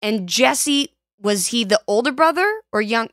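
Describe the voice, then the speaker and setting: A woman podcast co-host in casual recap chat, animated and questioning, with jokes. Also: on the high side, unhurried, dry recording, studio quality.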